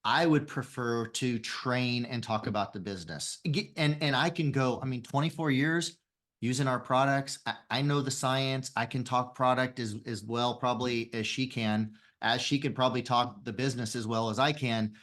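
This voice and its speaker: A man's voice: mid-range voice, normal speed, fairly bright tone. A man who is a guest on a podcast, explaining his business earnestly with frequent restarts. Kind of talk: conversational interview.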